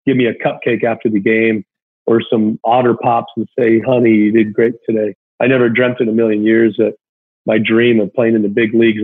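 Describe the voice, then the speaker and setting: A husky man tells a heartfelt story from his childhood, rambling and full of fillers. His voice comes through a thin, tinny phone line. He sounds like a former ballplayer chatting with a friend. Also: on the low side. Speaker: guest, former big-league pitcher. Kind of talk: casual storytelling chat.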